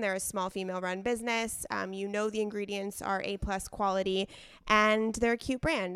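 A woman's voice: medium pitch, fairly bright tone, clean tone, no room sound. A young woman co-hosting a casual podcast, chatty and self-deprecating, with lots of fillers and restarts. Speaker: podcast co-host.

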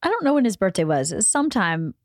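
A woman's voice: mid-range voice, very animated, fast talker, no room sound. Chatty mother in her fifties, dry studio sound. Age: 50s. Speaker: podcast host. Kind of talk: casual family chat.

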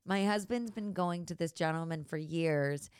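A woman hosting a podcast, chatty and animated as she tells a story. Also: fairly low pitch, moderate pace, smooth, dry recording, studio quality. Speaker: podcast host. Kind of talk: casual chat.

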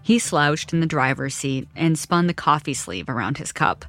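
Lady narrating a doc story, wry and measured, voice goes up and down a lot. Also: deep voice, animated, fairly bright tone, no room sound, soft background music. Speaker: reporter and narrator. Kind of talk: scripted documentary narration.

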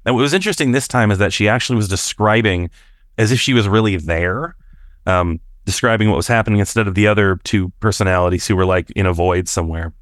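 A man calling in to tell a personal story in a casual, halting way, jumping higher when he acts out quoted voices. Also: no room sound, clean studio sound. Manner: animated, jumps up in pitch to act out quoted voices; halting, with restarts and fillers. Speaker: caller sharing a personal experience.

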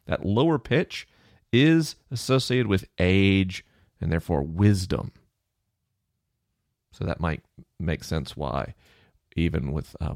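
A man hosting a science Q&A podcast alone in his office, explaining in a relaxed, conversational way into a close microphone. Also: deep voice, gravelly, no echo. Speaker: podcast host answering listener questions. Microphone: close studio microphone off to the side of the mouth.

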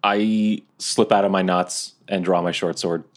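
A man's voice: low-pitched, steady tone, unhurried. A man playing a tabletop game, eager and casual. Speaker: player.

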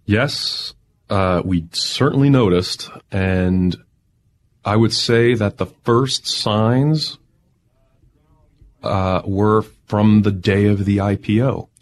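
Speaking slowly in a fairly low voice, a tech entrepreneur guest describes a wild day during a lively interview. He grows more excited as the story unfolds and keeps breaking into laughter, his tone energetic throughout.

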